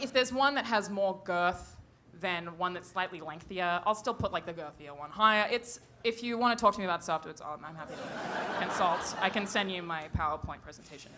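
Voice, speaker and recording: A woman's voice: mid-range voice, background noise. A woman doing a stand-up comedy set on stage into a handheld mic, brash and profane, laughing at her own jokes. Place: comedy stage before a live audience.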